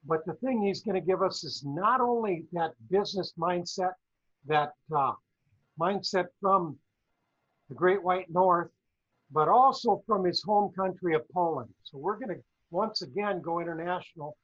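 Brief: chatty male co-host, high voice, muffled lo-fi sound, rambling and playful. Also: moderate pace, a bit bright. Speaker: co-host, former professor. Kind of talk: casual talk-show chat. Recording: dull lo-fi audio.

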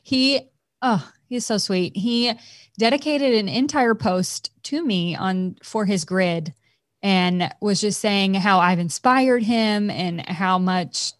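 A woman's voice: medium pitch, slow pace, dry recording, studio quality. A woman in her thirties co-hosting a podcast, chatting casually and laughing easily. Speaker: podcast co-host. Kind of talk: casual chat.

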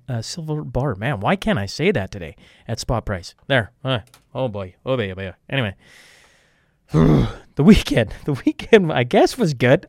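A man's voice: medium pitch, dry recording, clean studio sound. A Canadian man hosting a podcast, fighting a cold, rambling through ad reads and tripping over his words with self-deprecating asides. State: has a cold. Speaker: podcast host reading sponsor ads. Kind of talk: casual podcast intro with ad reads.

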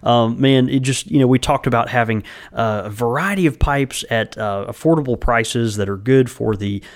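A man co-hosting a podcast, chatting casually. He rambles, leaning on filler words as he talks. His voice sits at an ordinary middle pitch. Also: normal speed. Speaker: podcast co-host.

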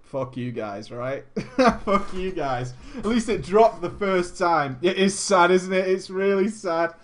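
A man casually telling a story to a live chat, animated and profane, laughing often and switching between loud bursts and muttered asides. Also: high voice, unhurried. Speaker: streamer telling a gaming story.

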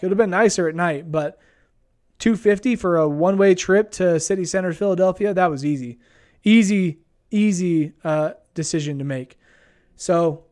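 A young man with a fairly high voice recounts his trip in a loose, rambling vlog style. He talks laid-back and easygoing, dropping plenty of ums and uhs along the way. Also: darkish tone, clear, resonant tone. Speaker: vlogger. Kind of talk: casual travel storytelling.

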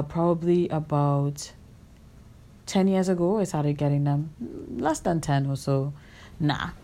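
A woman hosts her own podcast and shares a personal story in a candid, reflective monologue. Her voice sits low and sounds warm and mellow. She often pauses on fillers and corrects herself mid-sentence. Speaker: podcast host.

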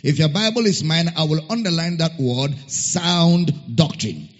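Man preaching slow n animated, high husky voice, muffled sound w long hall echo. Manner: slow, emphatic scripture reading with repeated phrases; spells out a Greek word letter by letter. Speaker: pastor. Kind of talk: sermon.

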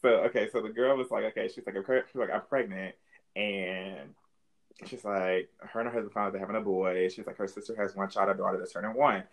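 Male podcast co-host, low voice, animated gossip teller with squealing laughs. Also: brisk, poor audio. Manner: animated, loud laughter, high-pitched exclamations, swears. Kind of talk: casual chat, storytelling.

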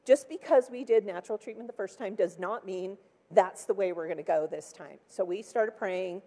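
A woman's voice: medium pitch, moderate pace, warm tone. Chatty woman in her sixties, hall reverb. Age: 60s. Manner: chatty storytelling full of "like" and acted-out quotes. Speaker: church speaker. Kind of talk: personal testimony from the pulpit. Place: large church hall.

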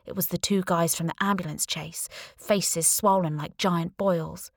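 A woman's voice: fairly low pitch, fairly even intonation, unhurried, gravelly, no room sound. A young adult woman narrating a thriller audiobook in the first person, with a dry, wry manner.

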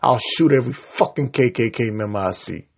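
A man's voice: medium pitch, brisk, gravelly, breathy edge. A man hosting his own podcast, delivering an angry, heated, profanity-laced rant and tripping over his words. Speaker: podcast host. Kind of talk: ranting solo podcast.

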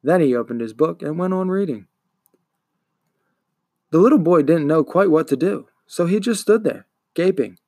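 A man, a podcast host, reading a children's book aloud in an expressive storytelling manner. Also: a little high, moderate pace, long pauses, no room sound, clean studio sound. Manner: expressive, acts out the characters.

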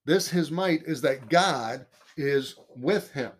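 A man's voice: on the high side, slow. A man teaching the Bible in a conversational sermon, earnest and emphatic, often repeating key phrases.

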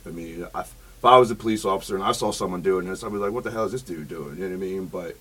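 A man chats casually as a guest, talking quickly in a rough, husky voice. He rambles through his story with plenty of fillers and asides. The voice sits fairly low. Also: a bit bright. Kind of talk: casual chat.

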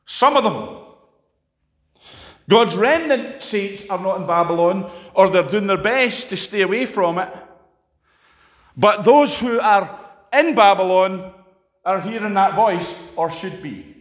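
A man preaching a sermon, impassioned, swinging sharply between loud and quiet. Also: expressive, takes it slowly, pauses often. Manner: impassioned, rises and drops sharply in pitch and volume. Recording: long hall reverb.

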